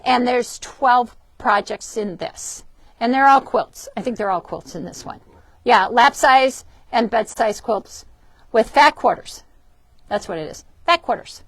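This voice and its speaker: A woman with a high, bright-pitched voice hosts a casual shop demo, chatty and upbeat, stumbling over words now and then. The sound is dry and close, with no room echo. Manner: chatty, upbeat, frequent ums and self-corrections. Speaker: shop host presenting fabrics and books. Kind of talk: casual product demo for a live stream. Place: indoors in a fabric shop.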